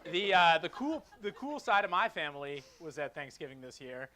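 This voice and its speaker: A man's voice: a little high, big pitch swings, moderate pace, pushed and bright. A man co-hosting a live comedy talk show, telling rambling jokey stories with lots of fillers. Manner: rambling, joking storyteller with filler words.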